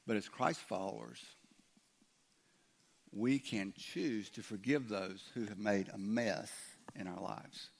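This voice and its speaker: Male pastor, low gravelly voice, informal conversational sermon. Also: slow. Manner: conversational, acts out imagined listeners' objections.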